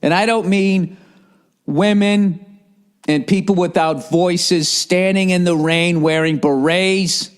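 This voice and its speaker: A man in his forties hosting a podcast, ranting in a profane, sarcastic, animated comedic style. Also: high-pitched, slow, clear, resonant tone. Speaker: podcast host. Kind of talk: comedic rant.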